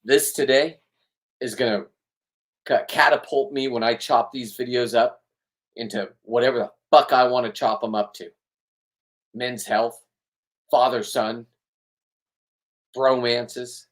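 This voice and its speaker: A man's voice: mid-range voice, steady tone, takes it slowly, pauses often. Heated, profane middle-aged man ranting. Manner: heated, profane, repeats himself. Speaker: spearfishing boat captain and vlogger. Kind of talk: rambling emotional monologue.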